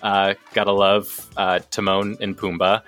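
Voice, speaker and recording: A man's voice: on the low side, flat delivery, a little slow, fairly bright tone, soft background music. A man who is a voice actor, talking casually in an interview, rambling and hesitant with lots of fillers. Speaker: voice actor guest.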